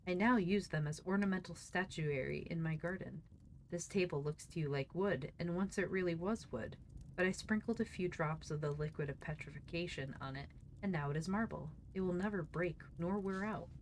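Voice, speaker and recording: A woman's voice: lowish voice, moderate pace, a little hiss or hum, lightly acted. A woman voicing a proud, boastful older male magician explaining his inventions.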